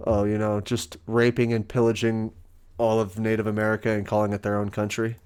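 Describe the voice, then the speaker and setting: A man's voice: on the low side, completely flat delivery, fairly quick, darkish tone, clean tone. Crude joking male podcast host. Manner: crude, joking, laughs a lot. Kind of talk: casual chat.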